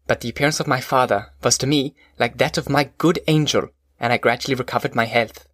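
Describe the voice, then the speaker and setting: A man narrating a classic novel as an audiobook in a measured, formal reading. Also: medium pitch, a bit bright, no room sound, clean studio sound.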